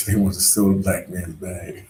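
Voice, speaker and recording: A man's voice: deep voice, dark tone, roomy sound, slight background noise. A man talking to viewers on a casual live stream, slangy and rambling. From Philadelphia. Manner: slangy and rambling, full of "like" and "you know". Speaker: travel vlogger on a live stream.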